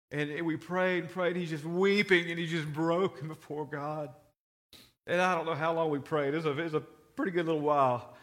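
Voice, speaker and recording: A middle-aged man preaching, his voice sitting a little higher than most men's. He tells stories earnestly, often circling back and repeating words as he builds his point. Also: fairly bright tone. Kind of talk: sermon.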